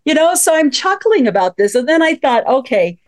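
A woman in her fifties, a psychologist hosting a radio talk show, telling a story in a lively, chuckling way. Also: high-pitched, moderate pace. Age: 50s. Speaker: host, psychologist.

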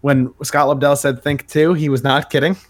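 A man's voice: a little high, flat delivery, moderate pace. A man co-hosting a podcast, recapping a comic issue in casual chat with many filler words. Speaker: podcast co-host.

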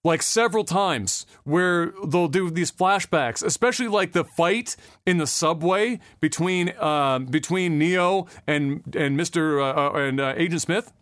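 A man's voice: a little high, measured pace, hardly any pauses, a bit bright, no room sound, studio quality. A man co-hosting a podcast, in casual chat, rambling and profane, with lots of fillers and restarts. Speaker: podcast co-host.

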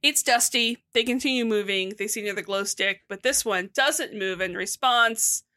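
A woman co-hosting a casual chat, recapping a horror story with animated, wry asides and some swearing. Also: medium pitch, normal speed.

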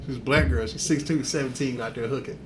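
A man's voice: mid-range voice, fast, background noise. A man hosting a podcast, telling wild stories in casual, profane chat and laughing along as he goes. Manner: animated, profane, laughs through his stories. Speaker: podcast host.

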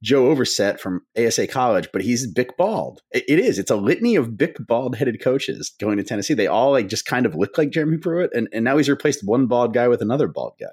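A man co-hosting a sports show over a remote call, talking in an animated, casual way. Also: medium pitch, a little fast, hardly any pauses, breathy edge. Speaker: co-host.

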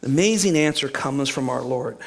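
A man's voice: mid-range voice, brisk, vocal fry. A male pastor preaching an expository sermon, acting out the people he quotes and often restarting his sentences. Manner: animated, acts out quoted speakers, frequent restarts.

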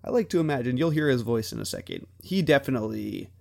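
Creaky-voiced young man, laughing podcast host. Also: mid-range voice, huge pitch swings, fast. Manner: laughing, rambling storyteller. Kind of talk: casual chat.

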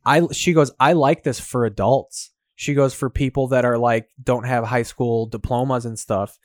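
A man's voice: medium pitch, steady tone, normal speed, dry recording, studio quality. Casual man telling a rambling story. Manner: rambling storyteller, acts out quotes. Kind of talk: casual chat.

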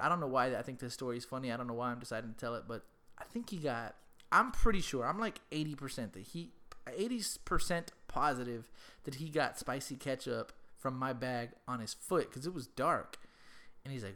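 A man's voice: medium pitch, lively intonation, a little fast, sharp tone. Young man, casual podcast host, rambling, swears a lot, stumbles over words. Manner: rambling, profane, repeats words. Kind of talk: casual storytelling chat.

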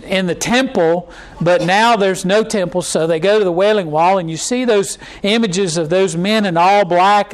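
A man's voice: high-pitched, poor audio. A pastor preaching a conversational sermon to his church, with many fillers and restarts and mocking impressions.

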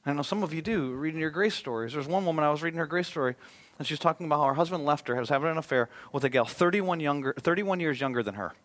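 A male pastor preaching a sermon, swinging from loud emphatic appeals to a hushed, prayerful tone. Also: a little high, lively intonation, rapid-fire, few pauses.

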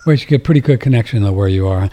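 Rambling talk radio host. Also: male voice, fairly low pitch, very fast, warm tone. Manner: rambling, with many fillers and restarts. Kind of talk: casual talk radio chat.

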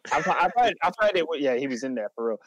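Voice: mid-range voice, very animated, fast, no room sound, poor audio. A co-host on a casual football podcast, teasing and incredulous in tone.

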